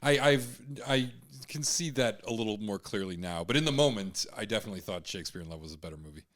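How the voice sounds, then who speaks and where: Man from america, podcast guest, low voice, chatty, opinionated. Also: lively intonation, quick pace, a bit bright. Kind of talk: casual movie podcast chat.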